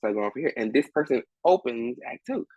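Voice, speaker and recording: A man's voice: mid-range voice, expressive, fast, muffled recording, heavy background noise. A man, a Broadway swing performer, telling a story as a guest, acting out the other people's voices and laughing often. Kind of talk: animated storytelling in conversation.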